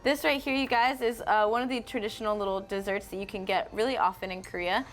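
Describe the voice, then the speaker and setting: A woman's voice: medium pitch, fairly even intonation, fast. A young woman hosts a casual live stream, chatting in a friendly, easygoing way. She reads viewer comments aloud and answers them as she goes. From North Carolina, USA. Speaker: host.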